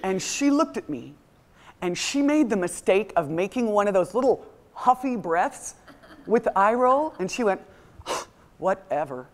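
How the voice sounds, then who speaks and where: Animated woman motivational speaker. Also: mid-range voice, moderate pace, a little hiss or hum. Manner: animated storytelling, acts out quoted voices. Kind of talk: keynote talk to a live audience.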